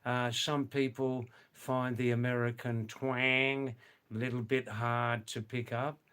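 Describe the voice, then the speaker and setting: Slow-talking older Australian man. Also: mid-range voice, level tone, fairly bright tone, clear, resonant tone. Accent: mild Australian. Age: 70s. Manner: unhurried, musing, pauses to address viewers by name. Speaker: livestream host. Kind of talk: casual live chat reading viewer comments.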